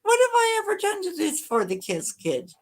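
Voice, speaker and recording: A woman's voice: very high voice, huge pitch swings, moderate pace. A woman chatting playfully in casual group chat banter, laughing easily.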